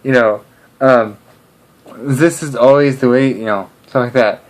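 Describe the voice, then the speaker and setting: A man's voice: mid-range voice, measured pace, natural voice, poor audio. A man voicing a stiff, complaining German character in a put-on German accent. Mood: grumbling.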